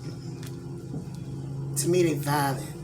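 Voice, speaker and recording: A woman's voice: low voice, moderate pace, background noise. A middle-aged woman from Georgia, talking in a candid, rambling way as a tarot reader in a casual vlog. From Georgia, USA. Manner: blunt, candid, rambling with many fillers.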